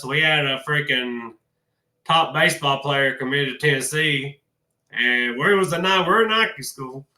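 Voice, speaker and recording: Calling his viewers "y'all," a drawling man rants folksily and emotionally about college football in a casual sports vlog. His fairly high voice sounds very bright and sharp, and the echo suggests a hard-walled room.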